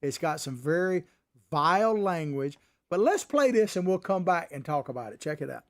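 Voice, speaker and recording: A man's voice: fairly high pitch, very animated, moderate pace. A middle-aged man hosting a commentary show, talking in a folksy, combative, rambling way. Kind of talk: opinionated political commentary.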